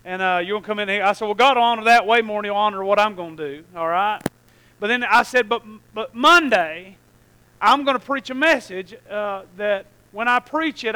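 A male preacher telling a story in a sermon, swinging from hushed asides to shouted prayers. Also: high-pitched, clean tone, rough recording.

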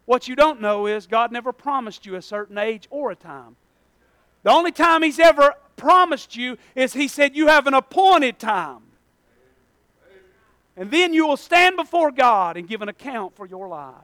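A male preacher, delivering a sermon that swings between hushed pleading and loud shouting. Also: extremely high pitch, animated, normal speed, smooth, no room sound.

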